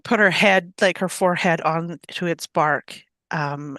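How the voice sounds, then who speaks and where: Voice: mid-range voice, steady tone, normal speed, hardly any pauses, bright, forceful tone, dry recording. Hesitant player in a dry room. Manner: hesitant, many fillers. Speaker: tabletop game player. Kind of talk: casual play description.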